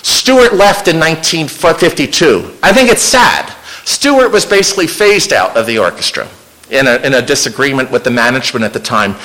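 A man's voice: medium pitch, lively intonation, fairly quick, pushed and bright, poor audio. A man giving an informal illustrated history lecture to an audience, conversational and with wry asides. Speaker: local historian giving a slide talk.

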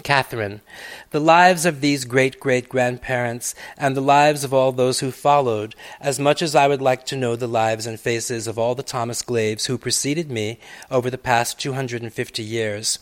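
Male author reading his own essay: mid-pitched, reflective, rising loud on key phrases and sinking to near-hush. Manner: measured, reflective, long winding sentences with many asides; swells loud on key phrases, then drops to near-hushed tones. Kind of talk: literary reading.

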